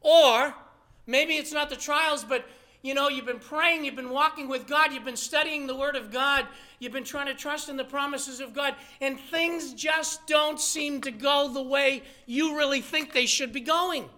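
A man's voice: very high-pitched, a little slow, sharp tone. A man preaching a sermon as pastor, earnest and conversational, probing his listeners with rhetorical questions.

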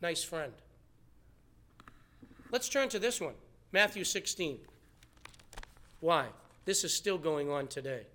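A man preaching a sermon, animated, acting out the people he quotes. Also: a little high, takes it slowly, pauses often, slight background noise. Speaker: pastor.

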